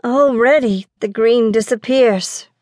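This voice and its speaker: A woman's voice: a little high, takes it slowly, darkish tone, dry recording, studio quality, voice pushed up. A woman voicing a bold, curious boy prince who teases his older brother in an eager, fearless way.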